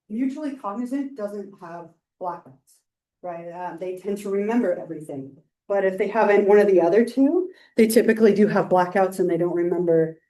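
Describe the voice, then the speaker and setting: Woman lecturing in an echoey classroom. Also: mid-range voice. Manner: animated storytelling with many fillers. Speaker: psychology instructor. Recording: roomy classroom mic from far off.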